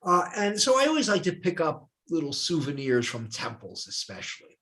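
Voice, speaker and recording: A man's voice: on the high side, moderate pace. An older man from New Jersey, a retired professor, telling personal anecdotes in a dialogue as a guest. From New Jersey, USA. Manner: animated anecdotal storyteller. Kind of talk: storytelling in a dialogue.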